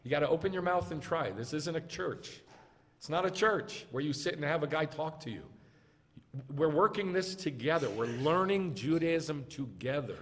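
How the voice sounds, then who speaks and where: A man's voice: a little high, animated, normal speed, fairly bright tone. A rabbi teaching scripture to his congregation, pressing them with repeated questions and urging them to answer aloud. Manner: drilling call-and-response, urging listeners to answer aloud. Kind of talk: interactive scripture lesson. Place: congregation meeting hall. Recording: long reverb of a large room.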